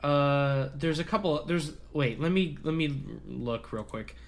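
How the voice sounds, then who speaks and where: Man, podcast co-host, slow talker, laid-back, hesitant, laughs easily. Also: fairly high pitch. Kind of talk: casual movie chat.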